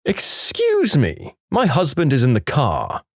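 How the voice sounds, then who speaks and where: A man voicing a pushy, entitled woman in a parked car, shrill and demanding. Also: sing-song, moderate pace, no echo, studio quality. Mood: indignant.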